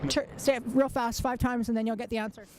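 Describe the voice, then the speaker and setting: A woman's voice: a little high, steady tone, fast talker. A woman interviewing passers-by on the street, firing off blunt, provocative questions and laughing often. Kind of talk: street vox-pop interview. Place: outdoors on a city street. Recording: street traffic noise.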